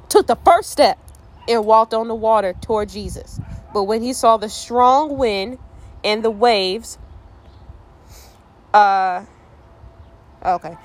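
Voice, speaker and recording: A woman leading a casual Bible study, reading scripture with playful joking asides and then turning earnest and reflective. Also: mid-range voice. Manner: reflective, earnest when applying the passage.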